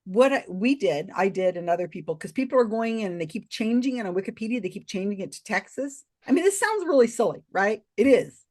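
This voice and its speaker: On a podcast, a female guest tells a story with animated expression during a casual interview. She talks in quick restarts and asides, swinging her pitch widely when recounting what others said.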